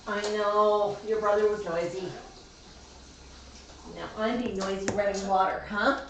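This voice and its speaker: A woman's voice: mid-range voice, fairly even intonation, slow, long pauses. A woman talking casually and coaxingly to her pet parrots during a live stream. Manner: coaxing, sing-song talk to birds. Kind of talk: casual talk to pet birds. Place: indoor room with pet birds. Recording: echoey room, voice from far off mic, faint hiss.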